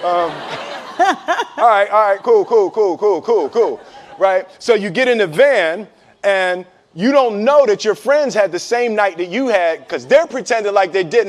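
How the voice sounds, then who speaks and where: A man telling a story to listeners, animated and laughing, acting out the voices of the people in it. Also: high-pitched, unhurried. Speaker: speaker. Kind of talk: storytelling talk.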